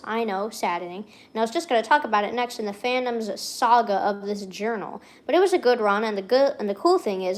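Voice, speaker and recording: A young adult woman streamer in casual chat, reading aloud from her old journal with excitable rambling and frequent swearing. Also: fairly high pitch.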